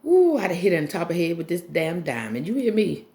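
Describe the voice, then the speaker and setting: A fairly low-pitched woman tearing through a reality TV recap with blunt, animated energy. She swears freely and slips into voices to mimic the people on the show. The talk stays loose and conversational throughout. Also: quick pace. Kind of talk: casual profane show recap.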